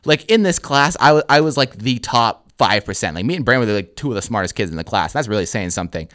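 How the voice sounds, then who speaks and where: A man with a medium-pitched, fairly bright voice co-hosts a podcast, telling a story quickly and expressively. He's laid-back and casual, swearing heavily and filling his speech with "like" and other filler words.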